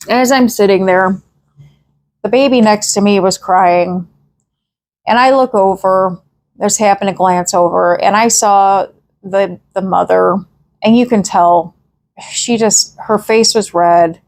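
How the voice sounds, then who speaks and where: A woman's voice: mid-range voice, vocal fry, darkish tone. Woman podcast host, a mom, earnest storyteller, mid-range voice. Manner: earnest storytelling, repeats "I said" while retelling. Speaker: mother. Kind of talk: casual podcast monologue.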